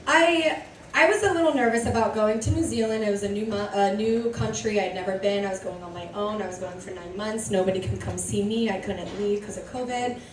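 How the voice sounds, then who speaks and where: A woman's voice: medium pitch, fairly quick. A woman, an actor on a convention panel, telling a story in a playful, giggly way. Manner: playful, giggly, acts out quoted voices. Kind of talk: casual storytelling on stage. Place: large convention hall. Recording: echoey hall from far off, crowd noise.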